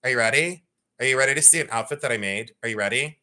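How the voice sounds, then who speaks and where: A middle-aged woman hosting a live sale stream in a playful, rambling way. Her voice is bright and forward, and she pokes fun at herself. She talks casually to her viewers. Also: a bass voice, racing. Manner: chatty, self-mocking, playful. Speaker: livestream jewelry sale host. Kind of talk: casual livestream chat.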